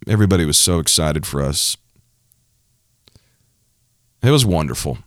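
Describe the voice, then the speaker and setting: A young preacher man with a very low voice gives a heartfelt testimony, pressing his points home by repeating phrases. He is recorded close and dry, with no room around him. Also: animated, normal speed, dry recording. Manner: emotional, emphatic, repeats phrases for effect. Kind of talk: personal testimony in a preaching style.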